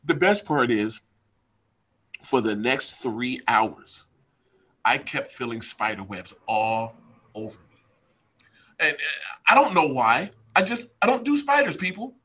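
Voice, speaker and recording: Bright, animated male storyteller. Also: mid-range voice, unhurried, pauses often. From United States. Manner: animated storyteller, addresses listeners directly. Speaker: podcast guest, strength coach. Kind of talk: casual chat, storytelling.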